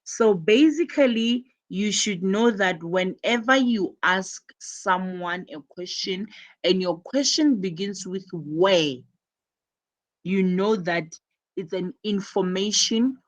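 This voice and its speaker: A woman teaching an English lesson, repeating example phrases slowly and carefully. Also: mid-range voice. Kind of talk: English lesson explaining conversation.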